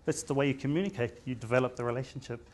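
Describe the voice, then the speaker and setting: A man's voice: medium pitch, racing, darkish tone. A middle-aged man with a New Zealand accent talks to a room as a general practitioner. He keeps it loose and storytelling, tripping over words and starting phrases again. Māori words sit easily in his everyday phrasing. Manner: chatty storyteller with many restarts and stammers. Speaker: general practitioner giving a seminar talk. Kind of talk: informal conference presentation.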